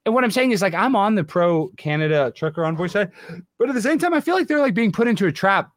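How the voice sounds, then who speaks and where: A man hosting a casual podcast chat, rambling excitably with many restarts, on a close dry mic. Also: sits high, quick pace, dry recording. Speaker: podcast host and prank caller.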